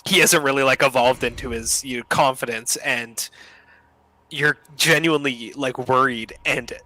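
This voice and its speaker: Young male co-host, bright tense tone, mid pitch, animated storyteller. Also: moderate pace, rough recording. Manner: animated retelling, acts out quotes. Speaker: podcast co-host. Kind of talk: casual chat.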